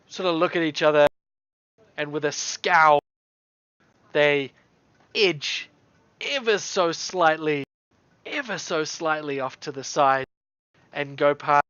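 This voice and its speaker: A game master, relaxed and quick to laugh, narrating a tabletop game. The recording is dull and dry, with a lo-fi edge and no room sound. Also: medium pitch, clear, resonant tone, dry recording.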